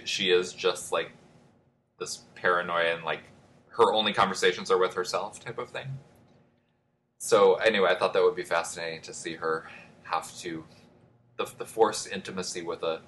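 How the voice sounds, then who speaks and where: A man's voice: low voice, fairly bright tone, slight background noise. A man hosting a casual film podcast, rambling and self-deprecating, restarting his thoughts as he goes. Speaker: podcast host.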